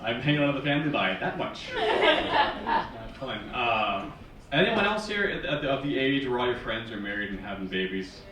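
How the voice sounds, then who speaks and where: A man in his thirties from Northern Virginia performing a stand-up comedy set in a wry, sarcastic, animated way, recorded from a distance on a small theater stage. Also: medium pitch, moderate pace, a crowd in the background. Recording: echoey theater from far off. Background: live audience laughing.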